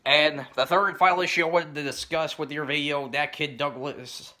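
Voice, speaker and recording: A man delivering a rambling commentary rant, filling his points with "you know" and "stuff like that" and often clearing his throat. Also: a little high, steady tone, normal speed, sharp tone. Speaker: commentary YouTuber.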